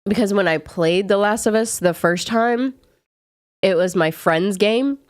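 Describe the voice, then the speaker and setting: A woman's voice: medium pitch, a little slow, dry recording. Rambling Southern woman streamer, dry close sound. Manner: chatty, rambling with frequent "like" fillers. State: sick. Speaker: live streamer. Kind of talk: casual chat answering viewers.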